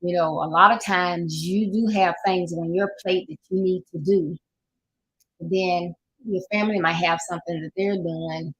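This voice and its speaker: This older woman with a Southern US accent is a life coach hosting a casual motivational talk. Her lowish voice keeps a steady tone at normal speed, with a breathy edge, and the audio is poor. She comes across folksy and preachy, laughing now and then as she talks.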